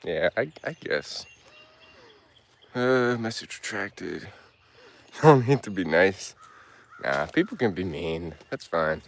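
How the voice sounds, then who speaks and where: A man's voice: sits low, animated, slow, gravelly, long pauses. A man out of breath, hiking a hilly trail outdoors and chatting casually as he answers live chat. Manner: breathless, laid-back, answers chat questions aloud.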